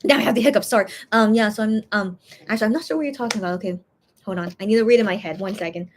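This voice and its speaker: A woman's voice: medium pitch, very fast, slight background noise. A tired woman hosting a casual livestream, chatting in a rambling way and reading fan comments aloud. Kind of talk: casual chat.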